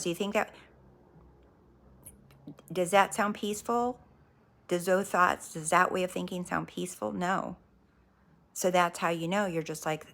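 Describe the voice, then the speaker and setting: A woman hosting a live stream on spiritual growth, speaking calmly and directly to her viewers, often repeating phrases. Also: lowish voice, unhurried, vocal fry, long pauses, low-quality recording. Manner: calm, reassuring, repeats herself, addresses viewers directly. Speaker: livestream host.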